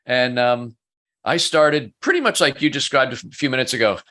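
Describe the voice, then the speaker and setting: A man's voice: mid-range voice, moderate pace, sharp tone. A middle-aged man, a business coach, telling stories in a casual interview, chatty and self-mocking. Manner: chatty, self-mocking storyteller who laughs often.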